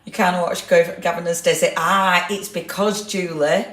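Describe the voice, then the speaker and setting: A woman's voice: lowish voice, fairly even intonation, normal speed, fairly bright tone. A woman hosting a casual live craft stream, greeting viewers by name and laughing often. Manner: chatty, reads out viewer comments, laughs often. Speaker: craft livestream host. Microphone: clip-on microphone. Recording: roomy echo.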